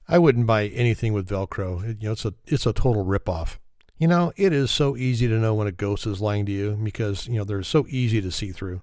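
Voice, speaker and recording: A man's voice: fairly low pitch, moderate pace, a little mellow, no echo, clean studio sound. A man telling a string of dad jokes, self-mocking and chuckling at his own punchlines. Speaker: joke teller.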